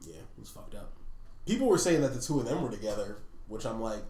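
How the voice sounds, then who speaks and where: A man co-hosting a podcast in casual chat, swearing freely and laughing loudly. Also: fairly low pitch, big pitch swings, quick pace, a little hiss or hum. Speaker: podcast co-host. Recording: roomy echo.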